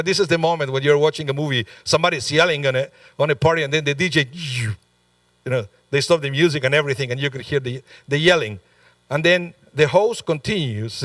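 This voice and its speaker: A man's voice: fairly high pitch, fast talker, a bit bright, no room sound, recorded from a distance. A male rabbi delivering a sermon in a conversational, storytelling way, with frequent asides to the congregation. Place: synagogue sanctuary.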